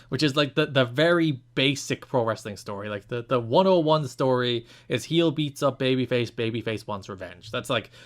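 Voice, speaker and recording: A man co-hosting a podcast, explaining at length in a casual, opinionated way with frequent restarts. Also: mid-range voice. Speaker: podcast co-host.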